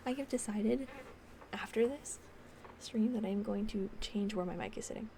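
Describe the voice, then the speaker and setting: A woman streamer chatting casually on a live stream, rambling and giggling, often dropping into soft whispers close to a desk microphone. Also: a little high, normal speed, long pauses, a little hiss or hum. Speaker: ASMR streamer. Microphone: desk microphone on a stand.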